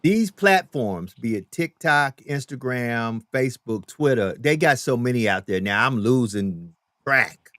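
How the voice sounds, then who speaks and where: A man's voice: medium pitch, lively intonation, a little slow, a bit bright, no echo, studio quality. A man hosting a live-stream talk show, preaching emphatically and repeating his lines for effect. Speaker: host.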